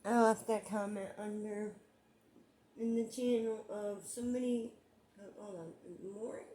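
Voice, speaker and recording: Slow-talking emotional woman vlogger. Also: medium pitch, mellow, slight background noise. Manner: rambling, repeats herself, frustrated. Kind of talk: emotional personal vlog monologue.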